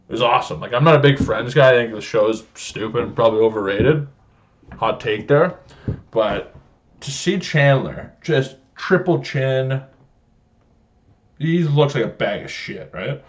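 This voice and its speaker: A young man from Canada hosting a podcast, telling rambling stories in casual, heavily profane chat. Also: mid-range voice. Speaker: podcast host. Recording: slightly dull lo-fi sound.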